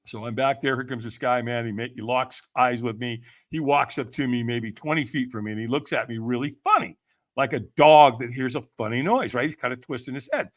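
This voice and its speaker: A man's voice: medium pitch, fairly quick. A man telling a story animatedly in casual speech, acting out the voices of others and laughing often. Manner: lively, acts out quoted voices, laughs often. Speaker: podcast guest, firewalk trainer.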